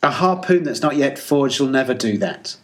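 A man voicing a grieving, hollow-cheeked sea captain who speaks gravely and sadly. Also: mid-range voice, animated, normal speed, pitched above the performer's own voice, natural voice. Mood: sorrowful. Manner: sorrowful, grave.

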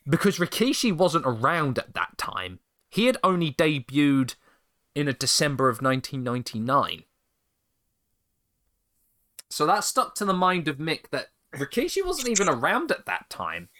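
A man's voice: fairly high pitch, a little slow. A man co-hosting a podcast, casually recapping a story with frequent laughter. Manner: animated storyteller, laughs often. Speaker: podcast co-host.

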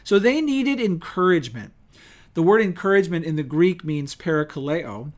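A man preaching a sermon in a lively, conversational way, asking rhetorical questions and acting out little quotes. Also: on the high side, normal speed. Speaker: pastor.

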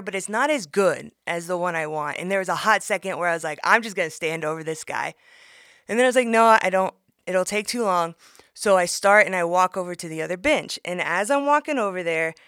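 A woman leaving a recorded voice message, telling an animated story and acting out what she said. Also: fairly low pitch, no room sound, studio quality. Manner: animated storytelling, acting out her own quotes. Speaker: listener sending in a voice message.

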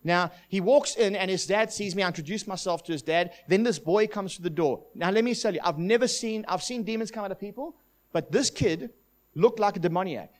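A man with a high-pitched voice preaches to a congregation. He tells a long testimony in an animated, storytelling way and quotes the people in his story. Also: brisk. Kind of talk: sermon with testimony.

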